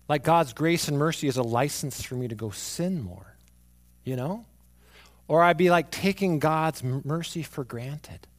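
A man preaching a sermon, moving from hushed, near-whispered lines to emphatic ones as he tells stories about his young son. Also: mid-range voice. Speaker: pastor.

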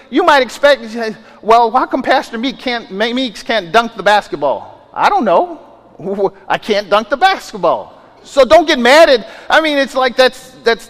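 High-voiced pastor preaching in a hall. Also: male voice, a bit bright. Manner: conversational preaching with rhetorical questions and many restarts. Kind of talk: sermon. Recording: long reverb of a large hall.

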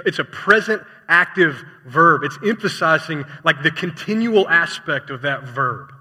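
A man's voice: a little high, bright, forceful tone, breathy edge. A man preaching a sermon in a conversational way, often asking his listeners rhetorical questions. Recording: long reverb hall.

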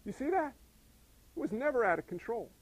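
A man preaching a sermon, animated and asking his listeners questions. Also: very high-pitched, a little fast, poor audio. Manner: animated, asks the congregation questions. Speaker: pastor.

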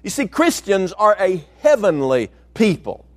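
A pastor preaching a sermon, with emphatic delivery and slowed, stressed phrases. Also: male voice, high-pitched, sing-song.

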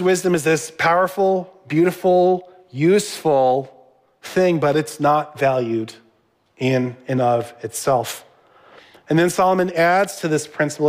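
A middle-aged man giving a sermon as a pastor, conversational, with asides to the congregation. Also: on the high side.

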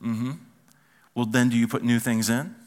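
A man's voice: medium pitch, moderate pace. A man, a pastor, preaching a conversational sermon and asking the congregation questions. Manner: animated, asks the congregation questions.

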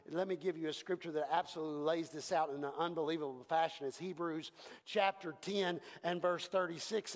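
A man preaching a sermon as pastor, impassioned, swinging from hushed passages to shouted ones. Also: fairly high pitch. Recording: long reverb from a large hall.

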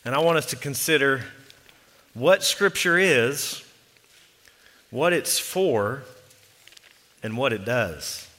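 A man preaching a sermon as pastor of a church, measured and deliberate, slowing down to stress key words. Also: medium pitch, lively intonation, sharp tone, in a large hall. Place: church sanctuary.

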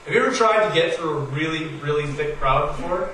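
A pastor preaching a sermon. He tells stories in a casual, conversational way and pushes his emphasis higher as he builds each point. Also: fairly quick, bright, forceful tone. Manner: storytelling, conversational with rising emphasis. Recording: very echoey hall, voice from far off, faint noise.

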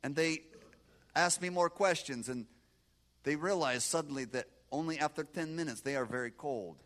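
High-voiced preacher. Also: male voice, normal speed. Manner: dramatic, swinging from hushed to loud, broken grammar. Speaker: preacher giving testimony. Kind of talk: sermon testimony storytelling.

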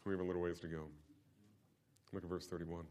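A male pastor preaching a sermon, asking rhetorical questions and moving from quiet lines to emphatic ones. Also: low-pitched, little pitch movement, fast talker, a little hiss or hum.

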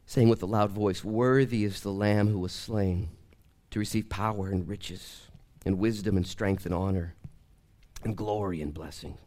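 A man preaching a church sermon, swinging from quiet, slow reading to near shouting, choking up with emotion as he reads scripture aloud. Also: fairly low pitch, steady tone. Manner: emotional, close to tears while reading scripture. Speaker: pastor.

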